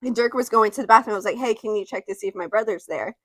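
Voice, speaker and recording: A woman in her twenties chatting casually, laughing along and piling on quick asides. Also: medium pitch, no room sound. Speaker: vlogger. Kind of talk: casual chat.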